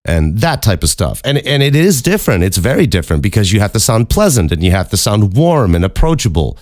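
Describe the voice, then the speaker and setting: Podcast host: deep-voiced man from Chicago, candid, a bit profane, dry close mic. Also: sing-song, fairly quick, a little mellow, no echo. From Chicago, USA. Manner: candid, profane, joking asides. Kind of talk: casual monologue.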